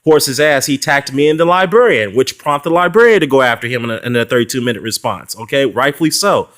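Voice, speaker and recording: A man's voice: mid-range voice, expressive, fast talker, a bit bright. Man ranting in a mocking vlog. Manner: heated and mocking, with frequent fillers and laughs. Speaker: boxing commentary vlogger. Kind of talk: casual ranting response video.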